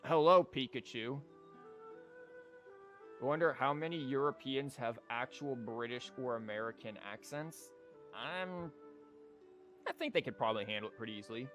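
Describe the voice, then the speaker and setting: A man's voice: mid-range voice, normal speed, pauses often, fairly bright tone, faint music behind. A man streaming a video game, giving casual commentary with sarcastic, joking asides.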